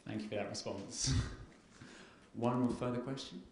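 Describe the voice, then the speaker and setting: A man moderating a question session, asking haltingly from a distance. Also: mid-range voice, darkish tone. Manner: halting, searching for words. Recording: echoey room, far from the mic with noise.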